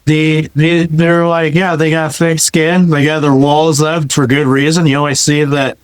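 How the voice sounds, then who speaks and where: A man with a fairly high, smooth and clear voice speaks as a podcast guest. He talks bluntly, with a joking edge. The sound is dry and close. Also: flat delivery, unhurried, dry recording, poor audio. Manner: blunt, joking, plainspoken storyteller. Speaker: guest, wealth manager. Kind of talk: casual interview chat.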